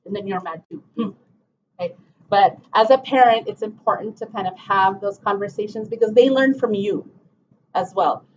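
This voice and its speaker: In a mid-range, darkish voice at a moderate pace, a middle-aged woman gives a parent workshop informally, repeating "okay" and "um" and dramatizing parent and child quotes. There's a little hiss or hum on the dull, lo-fi room recording.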